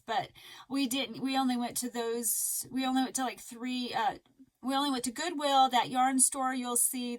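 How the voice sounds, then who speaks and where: A woman chatting casually in a crochet vlog, rambling and excitable with lots of fillers. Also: on the high side, low-quality recording. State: a little out of breath. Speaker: crochet vlogger.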